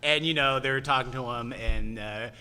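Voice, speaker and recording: A man's voice: medium pitch, moderate pace, sharp tone, clear, resonant tone. A man speaking as a voice actor guest at a convention panel, rambling casually with laughing asides. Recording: reverberant hall.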